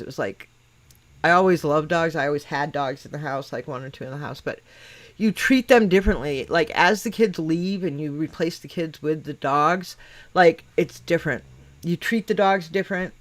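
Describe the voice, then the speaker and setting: A middle-aged woman hosting a casual chat. She talks bluntly, swears constantly and teases the people she is talking with. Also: deep voice. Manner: profane, blunt and teasing. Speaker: podcast host.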